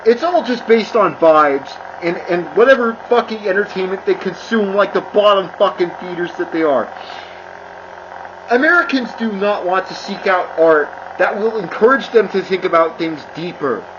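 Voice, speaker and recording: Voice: medium pitch, lively intonation, moderate pace. A person delivering an angry, profane rant, swearing constantly and repeating themselves as they build up steam. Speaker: commentator. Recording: dull lo-fi with clear noise.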